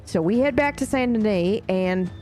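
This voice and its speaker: A woman's voice: medium pitch, expressive, normal speed, a little mellow, soft background music. A woman recapping events in character during a roleplay session, rambling and swearing casually as she tells the story.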